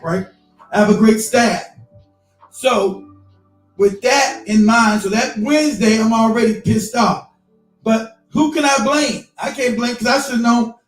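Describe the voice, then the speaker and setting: A man hosting a live stream, telling a personal story in a profane, animated rant. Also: very high voice, roomy sound. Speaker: live-stream show host.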